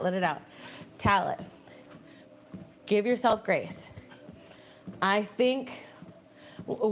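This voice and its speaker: Woman streamer, casual chat, walking on treadmill, animated, faint room hum. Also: mid-range voice. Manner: animated, laughing, reads viewer messages aloud and answers them. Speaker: livestream host reading chat. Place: home, indoors on a treadmill.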